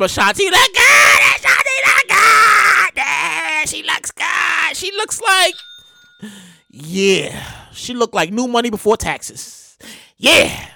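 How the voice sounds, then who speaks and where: High, lively, excitable man. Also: no echo. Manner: loud, excitable, drawn-out exclamations; slangy casual talk. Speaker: commentator. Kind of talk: animated casual commentary.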